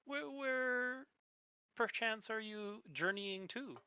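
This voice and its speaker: A game master voicing a courteous male patrol leader who speaks gently and formally. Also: mid-range voice, takes it slowly, clean tone, no room sound, muffled recording, voice pushed up.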